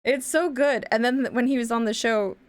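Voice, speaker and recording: A woman's voice: fairly high pitch, steady tone, normal speed. Young woman, art streamer, rambly, chatty, casual swearing, hums while working. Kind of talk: casual chat while drawing pixel art.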